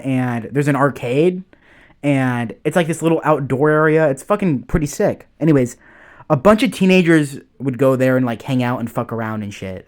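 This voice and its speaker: Rambling, foul-mouthed young man. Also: medium pitch. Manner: rambling, swears a lot, tags lines with "okay?". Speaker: storyteller. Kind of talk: casual storytime monologue.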